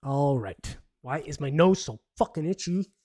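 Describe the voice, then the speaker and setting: A fairly high-pitched man hosting a casual live podcast, reading out news stories and breaking off into sarcastic, rambling asides. The sound is close and dry, with no room around it. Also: lively intonation, normal speed, mellow, no echo. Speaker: podcast host.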